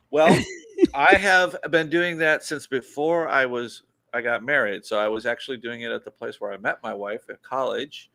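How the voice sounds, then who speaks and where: A man's voice: medium pitch, fairly even intonation, moderate pace, vocal fry, a bit bright. A middle-aged man hosting a casual live podcast, bantering and laughing often. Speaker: podcast host.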